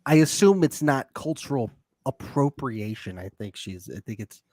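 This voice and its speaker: A young man co-hosts a loose recap chat, laughing a lot and trading sarcastic jokes. His voice sits in a middle pitch. It is recorded close and dry, with no room sound. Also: animated, normal speed, darkish tone, no room sound. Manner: laughs often, jokey and sarcastic. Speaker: podcast co-host.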